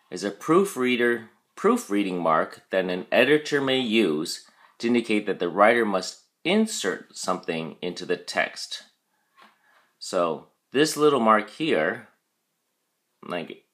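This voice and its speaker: Patient and methodical, a man with a low-pitched, fairly bright voice leads a recorded vocabulary lesson. He says "okay" to check in and models the stress of each syllable slowly.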